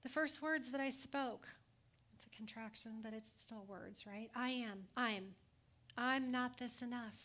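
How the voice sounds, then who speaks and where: High, bright-voiced woman pastor preaching. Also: a little slow. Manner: conversational, asks the congregation rhetorical questions with light humor. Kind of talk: sermon.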